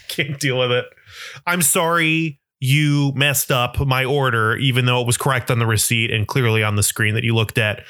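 Young man, bright voice, dry close sound, rambling self-deprecating comic monologue. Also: mid-range voice, steady tone, normal speed, dry recording. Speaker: comedian. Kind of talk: comedic monologue.

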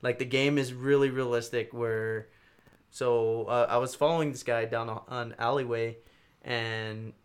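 A young man talking loosely and profanely at an ordinary middle pitch. He rambles, restarts sentences and gets animated when a story heats up. It sounds like easy banter between friends. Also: measured pace. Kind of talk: casual chat.

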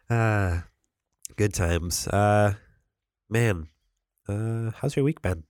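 A man's voice: lowish voice, animated, drawn-out words, no room sound, studio quality. A man co-hosting a casual podcast, congested from a cold and chuckling often. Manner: laid-back, chuckles often. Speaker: podcast co-host. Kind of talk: casual chat.

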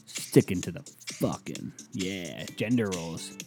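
A young man ranting comically, crude and rambling, swearing often with loud bursts. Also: low-pitched, animated, measured pace, vocal fry, music in the background. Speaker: comedian. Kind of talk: profane comic rant.

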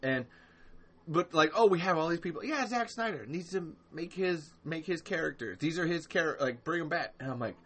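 A man's voice: fairly high pitch, animated, normal speed, slightly rough. Rambling, profane man ranting on a podcast. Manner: rambling, profane, heavy on ums and restarts; reads and answers live chat mid-rant. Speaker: podcast host. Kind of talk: solo livestream podcast rant.

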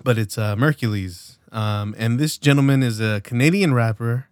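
Late-20s male podcast co-host, rambling and profane, mid pitch, dry close mic. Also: normal speed, dry recording. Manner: rambling, loose, profane, many fillers. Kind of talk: casual podcast chat.

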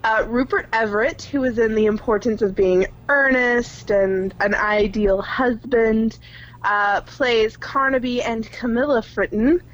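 A young woman with a fairly high voice chats and giggles her way through co-hosting a film podcast. The recording sounds a little dull and lo-fi. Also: measured pace. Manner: giggly, chatty, reads out film facts. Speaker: podcast co-host. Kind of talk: casual chat.

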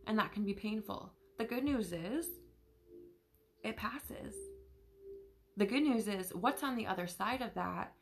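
A woman's voice: mid-range voice, lively intonation, measured pace, vocal fry, pauses often, soft background music. A woman hosting a podcast, talking candidly in a casual spiritual monologue, chatty, full of fillers and casual swearing. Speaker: podcast host.

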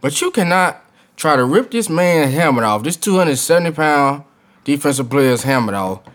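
A man's voice: a little high, lively intonation, moderate pace, a bit bright. A man co-hosting a sports talk show, earnest, laying out his argument step by step. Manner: earnest, lays points out step by step. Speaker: podcast co-host. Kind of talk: sports commentary chat.

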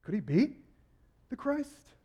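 A male pastor preaching a sermon, acting out quotes and building to shouts. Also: very high-pitched, takes it slowly, breathy edge, dull audio. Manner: animated, acts out quotes with rising shouts.

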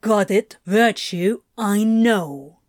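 A woman's voice: medium pitch, lively intonation, very slow, darkish tone, dry recording, clean studio sound. A woman voicing a prickly, defiant male demon who answers in a curt, clipped and sullen way. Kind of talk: audiobook character voice.

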